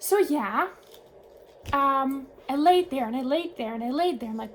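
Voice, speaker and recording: Woman vlogger w a high voice telling a story, animated, bit of faint background noise. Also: low-quality recording. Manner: animated, quick shifts in tone when retelling. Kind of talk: casual storytelling to camera.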